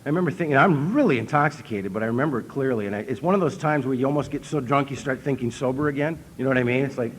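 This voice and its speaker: A man with an Upper Midwest American accent giving a humorous recovery talk from a convention stage, telling stories in a deadpan, self-mocking way and acting out what people said. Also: medium pitch, racing, hardly any pauses. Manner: storytelling, deadpan self-mocking, acts out quotes. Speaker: speaker at an AA convention.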